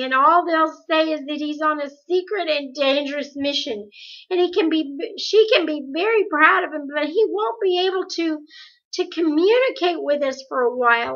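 A woman's voice: fairly high pitch, bright, forceful tone, husky, voice pushed up, exaggerated voice. A woman voicing an unhappy teenage girl who speaks shakily, near tears, in a dull lo-fi recording. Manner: shaky, close to tears. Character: miserable teenage girl, tearful and self-doubting.

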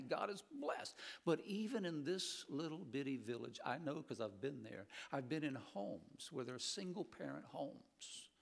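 Animated Midwestern pastor preaching. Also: male voice, medium pitch, creaky, husky. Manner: animated preaching with humorous stories. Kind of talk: sermon. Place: church sanctuary.

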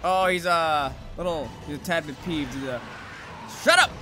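A young man streaming a game, just woken up, swearing and yelling at the monster with sudden whoops. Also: on the high side, normal speed, over music. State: just woke up, groggy. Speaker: gaming streamer. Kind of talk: live gameplay commentary.

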